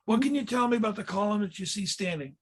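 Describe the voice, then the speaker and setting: A man leading a Bible history lesson, explaining pictures in a measured way with frequent fillers and restarts. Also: high-pitched, lively intonation, slightly rough. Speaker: tour leader and teacher.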